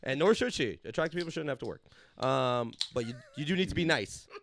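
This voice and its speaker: A man's voice: mid-range voice, animated, fast, vocal fry, a bit bright, slight background noise. A man from Los Angeles, a comedian hosting a podcast, telling a story in a rambling, profane way and acting out the people in it. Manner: rambling, profane, acts out quoted voices. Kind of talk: casual storytelling chat.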